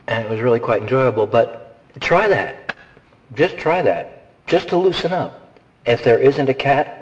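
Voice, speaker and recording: A man giving casual, animated, rambling advice on voice acting, slipping into quick character voices. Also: on the low side, highs cut off. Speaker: voice acting instructor. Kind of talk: casual instructional talk.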